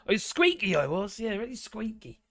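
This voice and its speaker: A man with a Norfolk accent and a hoarse, gravelly voice, chatting casually on a live stream and reading out viewer comments in a rambling, muttering way. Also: high voice, very animated, moderate pace, fairly bright tone, no echo, clean studio sound. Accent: Norfolk English. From Norfolk, England. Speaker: livestream host reading chat.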